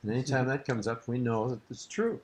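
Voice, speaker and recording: A man's voice: mid-range voice, fairly quick, a little hiss or hum. An older man being interviewed, telling a long, rambling anecdote in an amused tone, on an archival tape recording. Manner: rambling, amused, breaks into laughter. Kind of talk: anecdotal storytelling.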